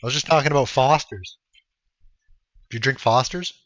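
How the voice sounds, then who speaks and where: Speaking at a normal speed in a mid-range, slightly bright voice, this young man from Canada streams games and talks casually with viewers. He's relaxed, cusses freely, and chuckles as he answers, all captured in dull, lo-fi stream audio.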